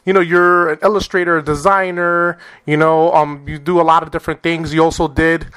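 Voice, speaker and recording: Chatty male podcast host, a bit higher voice, easygoing interviewer. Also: level tone, a little fast, fairly bright tone, clean tone. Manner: chatty, jokey, says "man" often. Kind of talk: casual interview chat. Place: Twin Lakes, Wisconsin.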